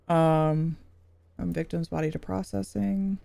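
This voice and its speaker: A woman's voice: fairly low pitch, very animated, moderate pace, darkish tone, dry recording. A woman streaming a video game, chatty and giggly, thinking aloud. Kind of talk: casual game commentary.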